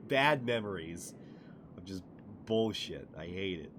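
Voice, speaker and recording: A man streaming a video game, giving casual commentary that is profane and excitable, with frequent laughter. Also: sits low, slow pace, slight background noise.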